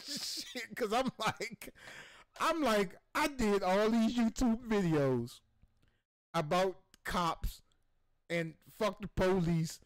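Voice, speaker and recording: A man hosting a gaming stream who tells a rambling, profane story with excitement and acts out the voices in it. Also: high-pitched, no echo. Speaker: show host.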